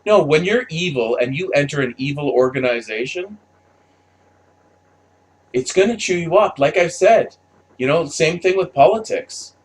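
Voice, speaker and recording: A man's voice: on the high side, lively intonation, normal speed, pauses often. A man delivering a heated, profanity-filled opinion rant, stammering and repeating himself as he talks. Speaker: commentator.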